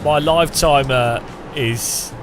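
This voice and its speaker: This British man chats casually with his audience while he races. He rambles and jokes, restarting his sentences as he goes. His voice is slightly high, and faint music plays behind him. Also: slow pace. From United Kingdom. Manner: rambling and jokey, with frequent restarts. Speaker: streamer. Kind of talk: casual chat while sim racing.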